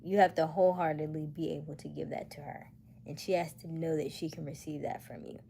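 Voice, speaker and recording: A woman's voice: low-pitched, little pitch movement, fairly quick, vocal fry, dark tone, slight background noise. A woman hosting a casual livestream, chatting and musing aloud and dropping to a near-whisper when she reads comments. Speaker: livestream host.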